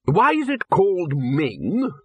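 A man's voice: high-pitched, wildly swooping pitch, takes it slowly, a little mellow, breathy edge, no echo, pitched above the performer's own voice, heavily acted. A man voicing a bluff, red-faced head wizard who blusters, in an audiobook reading. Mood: blustering.

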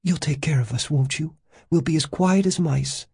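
A man voicing an eager, breathless young wife who pleads in a high voice. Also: normal speed, vocal fry, darkish tone, slightly rough, no room sound, clean studio sound, exaggerated voice.

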